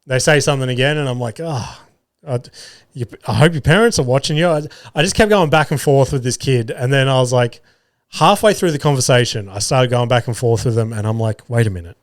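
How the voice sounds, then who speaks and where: A man's voice: medium pitch, brisk, dry recording, clean studio sound. A man, a podcast host and comedy MC, casually telling stories and swearing freely as he acts out what people said. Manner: swears freely, animated retelling with quoted voices. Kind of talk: casual storytelling chat.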